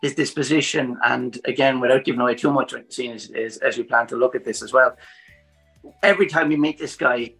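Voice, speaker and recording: A man, a director of photography, explaining his work at length in a thoughtful, measured way. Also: mid-range voice, a bit bright, faint music behind, poor audio. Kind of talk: podcast interview.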